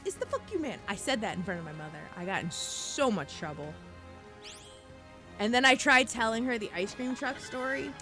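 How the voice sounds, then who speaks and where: A young woman streaming a game, chatting casually and telling animated stories with frequent laughter and casual cursing. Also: mid-range voice.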